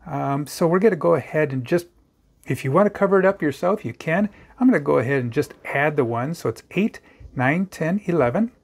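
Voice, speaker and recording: Brief: middle-aged man, chatty kids' math tutor, a touch high-pitched. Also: lively intonation, a little fast, creaky. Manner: chatty, playful, talks to viewer directly. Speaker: math teacher. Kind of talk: casual math lesson for kids.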